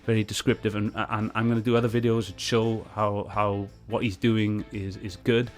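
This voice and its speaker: A man's voice: lowish voice, flat delivery, normal speed. A man talks back at a clip he is reviewing, earnest and heated in his rebuttals. Faint music plays underneath his voice. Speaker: video reviewer. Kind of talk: reaction commentary on a clip.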